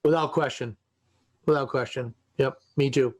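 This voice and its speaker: A man hosting a casual gaming podcast, quick to agree and thinking aloud. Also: mid-range voice, fairly even intonation.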